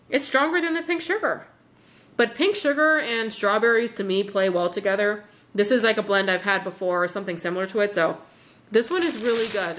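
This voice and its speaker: A woman's voice: on the high side, a bit bright. A woman chatting casually at home in a haul vlog, rambling with lots of fillers as she sniffs and reviews wax melts, with a faint hiss behind her.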